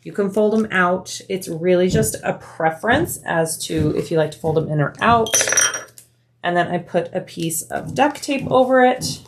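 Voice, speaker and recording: A woman's voice: fairly low pitch, normal speed, background noise. Chatty woman demonstrating bag sewing. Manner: chatty, explains each step while working. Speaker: bag-making tutorial host. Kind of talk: casual sewing tutorial.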